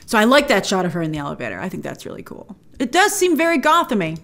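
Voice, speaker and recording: A woman hosting a movie trailer reaction, her voice pitched in an ordinary middle range. She talks in a chatty, enthusiastic way, often stopping to restart a thought. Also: big pitch swings, fast, a bit bright. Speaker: film trailer reviewer host. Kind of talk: casual trailer reaction commentary.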